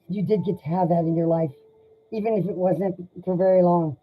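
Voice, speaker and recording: A woman doing a live tarot reading, speaking in an emotional, sympathetic and halting way. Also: fairly low pitch, husky. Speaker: tarot reader. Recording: dull lo-fi sound.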